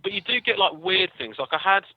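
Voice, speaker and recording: An English man rattles through rambling stories with dry, self-deprecating wit. He talks quickly, and the sound is dry and tinny, as if over a phone line. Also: sits high, expressive, dry recording. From England. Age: young adult. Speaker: guest comedian. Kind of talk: casual storytelling.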